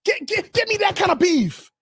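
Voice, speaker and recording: A man hosts a live stream and talks straight to his chat in a fired-up, casual rant. His voice sits high and swings wide as he gets worked up. The sound is dry and close, with no room around it. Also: sing-song, normal speed, fairly bright tone, no room sound. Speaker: livestream host.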